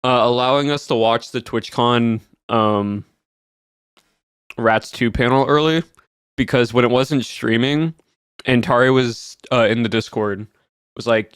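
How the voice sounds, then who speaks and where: A man's voice: mid-range voice, steady tone, moderate pace, clean tone. A male streamer chats casually with his audience, wandering from thought to thought and answering chat as he goes. His voice sits mid-range, and the sound is dry and close with no room echo. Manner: rambling, filler-heavy, answers chat.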